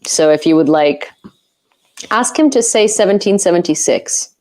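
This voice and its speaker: A woman's voice: fairly low pitch, expressive, normal speed, a little mellow. A woman from Ukraine, a native Ukrainian speaker, hosting a live stream from home in casual chat, teasing her guest and laughing often. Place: home, on a couch.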